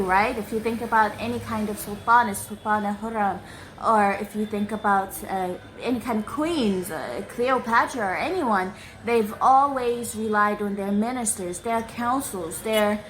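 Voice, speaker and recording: A woman's voice: a little high, a bit bright, a little hiss or hum, rough recording. Woman telling a story while cooking. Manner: conversational, emphatic retelling with restarts. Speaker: vlogger. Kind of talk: cook-along storytelling. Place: home kitchen.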